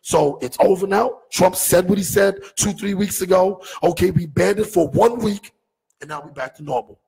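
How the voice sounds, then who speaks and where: A man's voice: sits high, moderate pace, creaky, darkish tone, breathy edge, big-room sound, rough recording. A man in casual sports talk, arguing his point with emphatic rhetorical questions.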